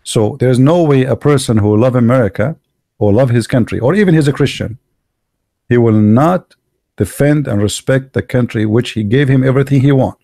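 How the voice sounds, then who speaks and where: A man's voice: mid-range voice, moderate pace, warm tone, no room sound, studio quality. A man from the Arab world with an Arabic accent, hosting an online show and delivering a blunt, emphatic, mocking monologue. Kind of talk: opinionated monologue.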